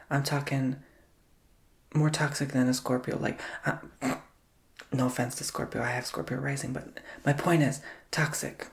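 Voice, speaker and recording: Gravelly guy doing an asmr tarot reading, kinda monotone pitch, dramatic chatter slipping into whispers. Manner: chatty and theatrical, dropping to whispers.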